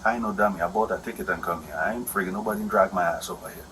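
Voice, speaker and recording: A low-voiced man talks fast and rambles, aggrieved and repetitive as he explains his side to an officer. His voice has a gravelly rasp. The audio is noisy, like body-camera sound inside a house. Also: sharp tone. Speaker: husband explaining a domestic dispute. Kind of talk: heated complaint to an officer. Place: indoors at a house.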